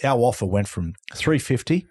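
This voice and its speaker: A former rugby league player from Australia, middle-aged, spins a casual yarn as a podcast guest, acting out what other people said with plenty of animation. He speaks in a mid-range voice at a moderate pace, with a breathy edge.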